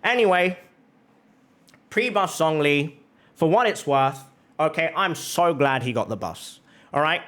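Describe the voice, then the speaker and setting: Brief: male streamer, somewhat high voice, swings widely in pitch, impassioned and profane rant. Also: expressive, unhurried, pauses often, a bit bright. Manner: impassioned, profane, repeats phrases for emphasis. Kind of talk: heated reaction rant on stream.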